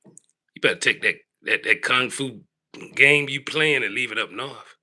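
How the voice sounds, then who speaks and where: A man ranting on his live stream in a very bright, sharp-edged voice. He preaches and scolds, dropping from low grumbles to raised calls. He keeps tacking "boy" onto his lines. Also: a little slow. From Southern United States. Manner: big swings between low grumbling and raised shouting. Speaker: livestream host.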